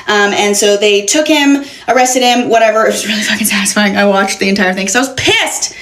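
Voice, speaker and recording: A woman's voice: medium pitch, brisk, fairly bright tone. A young woman telling an exasperated, profanity-laced story in a casual storytime. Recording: roomy echo.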